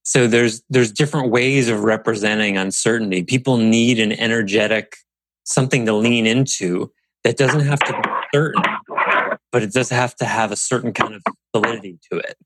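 A man talking casually on a podcast, animated and acting out quoted voices as he tells stories. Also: fairly low pitch, moderate pace, no room sound, poor audio. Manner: animated storyteller, acts out quotes. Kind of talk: casual conversational podcast talk.

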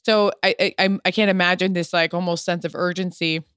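A woman hosting a podcast in casual chat, animated and laughing often. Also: lowish voice, fairly quick, smooth, no echo, clean studio sound. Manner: animated, laughs often, acts out quotes in a raised voice. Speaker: podcast host.

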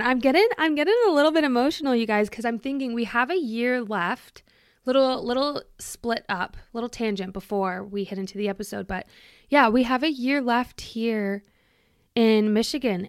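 A woman's voice: medium pitch, smooth, no echo, studio quality. A young woman hosting her own podcast, chatting in a reflective, emotional way with lots of "like" fillers. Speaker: podcast host. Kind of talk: casual reflective chat.

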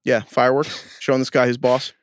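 A man co-hosting a casual sports podcast, talking in an animated, rambling, joking way. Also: mid-range voice, a little fast, smooth, no room sound, clean studio sound. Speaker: podcast co-host. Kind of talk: casual chat.

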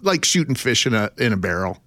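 A man's voice: fairly low pitch, very animated, fairly quick, bright, forceful tone, no echo. A Canadian man on a radio show telling jokey stories from his travels. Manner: jokey anecdotes, puts on voices in stories. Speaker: radio co-host. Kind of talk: storytelling on radio.

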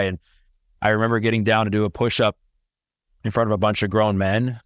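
A man with a fairly low voice speaks as an interview guest, recounting his story with candid earnestness and open feeling. His delivery is heartfelt and conversational. The recording is close and dry. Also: flat delivery, fairly quick, pauses often, dry recording. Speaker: podcast guest.

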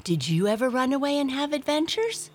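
A woman's voice: high voice, sing-song, brisk, slight background noise, voice pushed up. A woman voicing Blackie, a wide-eyed young cat. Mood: curious. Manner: eager, wide-eyed questioning. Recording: clear music behind voice.

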